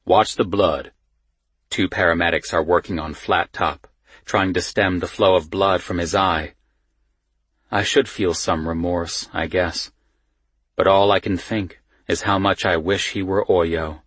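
Deep raspy guy narrating a thriller audiobook, tense and steady, super dry close sound. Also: measured pace, no room sound.

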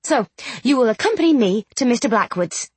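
A woman voicing an eager, bossy young woman in an audiobook, brisk and excitable, high and lively. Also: slightly rough, no echo. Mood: excited.

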